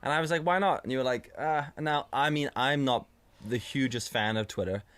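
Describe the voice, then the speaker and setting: A man's voice: mid-range voice, fairly quick, clear, resonant tone. A man co-hosting a casual podcast chat, swearing freely and acting out little scenes as he talks. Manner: swearing, animated storytelling with acted-out voices. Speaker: podcast co-host.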